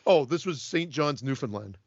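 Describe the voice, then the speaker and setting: A man's voice: mid-range voice, animated, moderate pace, a little mellow, dry recording, dull audio. A Canadian man co-hosting a podcast in casual chat, rambling with many restarts and stammers. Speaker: podcast co-host.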